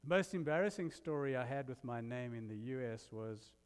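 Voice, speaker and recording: Guy preaching a sermon, funny self-deprecating stories, mid pitch, long hall reverb. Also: fairly quick, smooth. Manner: animated storyteller, self-deprecating humor. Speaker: guest minister. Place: church sanctuary.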